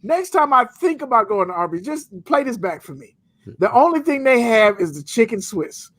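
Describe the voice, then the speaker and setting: A man with a strikingly high voice co-hosts a casual podcast chat. He rants in an animated, profane, storytelling way. The sound is close and dry, with no room around it. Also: moderate pace, no room sound. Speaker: podcast co-host.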